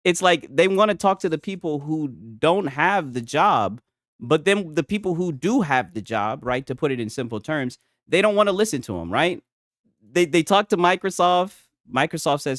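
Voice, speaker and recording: A man's voice: a little high, expressive, moderate pace, a bit bright, no echo, studio quality. A young man streaming live, reacting to gaming news in a loose, joking, slangy way, and talking to his chat with many "right?" tags. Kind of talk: casual livestream commentary.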